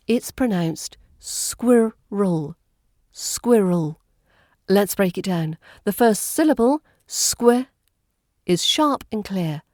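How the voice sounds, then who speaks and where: A woman with an English RP accent, teaching pronunciation in a scripted podcast with clear, crisp enunciation and playful emphasis. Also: medium pitch, a little mellow, no room sound, studio quality. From England. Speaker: accent coach.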